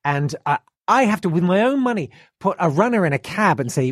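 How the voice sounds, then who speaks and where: A man on a podcast, telling an animated anecdote in casual chat and acting out the people he quotes. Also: fairly high pitch, brisk, few pauses, breathy edge, no echo, clean studio sound. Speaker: podcast guest.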